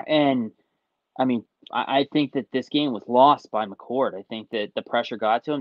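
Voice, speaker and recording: Man, mid pitch, casual sports analysis, hesitant, slightly muffled dry recording. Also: no room sound. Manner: hesitant, builds points with "I mean" and "I think". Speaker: podcast co-host.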